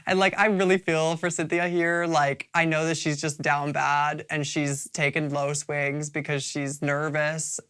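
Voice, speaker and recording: Low-voiced woman chatting casually. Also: level tone, a little slow, hardly any pauses, a bit bright, clear, resonant tone. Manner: chatty, swearing, frequent "like" and "you guys". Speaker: host of a drag show review. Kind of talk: casual video review.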